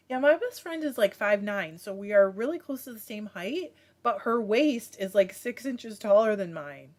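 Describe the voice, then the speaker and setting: A woman's voice: mid-range voice, lively intonation, a little slow, darkish tone. A woman from Michigan hosting a casual livestream, chatting and reading viewer comments aloud with many fillers. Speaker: livestream host reading chat. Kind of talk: casual chat.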